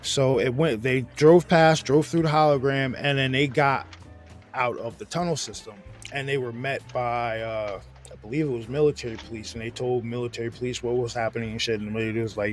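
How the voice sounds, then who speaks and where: A man's voice: mid-range voice, brisk, faint music behind. A man with a New York accent hosting a casual chat, telling a long story with restarts and cursing. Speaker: host.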